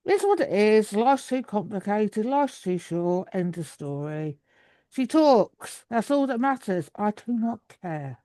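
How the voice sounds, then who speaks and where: A woman's voice: mid-range voice, big pitch swings, measured pace, mellow, no room sound. A woman in her thirties, chatting over a video call in a rambling way with many restarts. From England. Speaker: guest. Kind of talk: casual video call chat.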